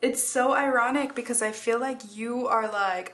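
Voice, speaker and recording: A woman's voice: fairly high pitch, animated, moderate pace. A young woman giving a casual tarot reading, chatty and giggly, full of filler words. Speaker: tarot reader.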